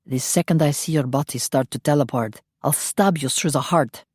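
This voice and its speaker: Woman voicing a cool, stern French vampire fighter, low. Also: moderate pace, a little mellow, slightly rough, no room sound, studio quality.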